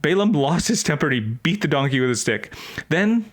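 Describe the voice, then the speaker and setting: A man on a podcast reads scripture passages and breaks off for playful asides. His voice sits a bit higher than most men's, and the talk stays casual and chatty. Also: very animated, brisk. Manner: reads scripture aloud, then jokes about it in playful asides. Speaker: podcast co-host. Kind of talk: casual chat and Bible reading.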